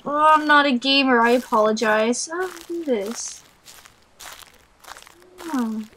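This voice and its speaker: A woman's voice: sits high, unhurried, sharp tone, a little hiss or hum, poor audio. A young woman giving horror game commentary as a let's play gamer, nervous and jumpy, talking to herself and shrieking at scares. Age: young adult.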